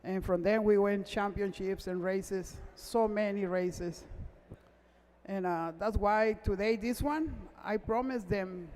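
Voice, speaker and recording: A man, a race car mechanic, gives a halting, emotional acceptance speech at an awards gala, close to tears and often repeating himself in non-native English. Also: sits high, fairly even intonation, darkish tone. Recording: echoey hall reverb.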